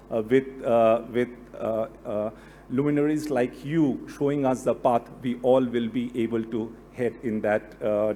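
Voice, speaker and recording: A man gives a formal closing speech after a lecture, halting often on fillers. His voice is mellow and dark. A faint hum runs under it. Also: medium pitch. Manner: hesitant, many fillers. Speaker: deputy director giving closing remarks. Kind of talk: formal thank-you speech. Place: lecture hall.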